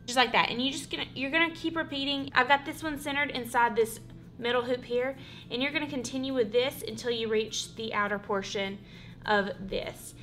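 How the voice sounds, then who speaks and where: A woman's voice: a little high, steady tone, fairly quick, bright, forceful tone, faint music behind. A woman giving a casual, rambling craft tutorial at home, saying "y'all" and "literally" a lot. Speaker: craft vlogger. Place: home, working on a wall hanging.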